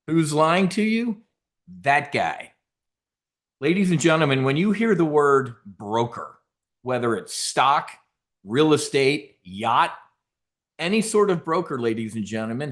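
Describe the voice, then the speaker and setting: A man giving an energetic trading seminar talk, brash and direct, joking with the audience. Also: on the high side. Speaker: conference speaker.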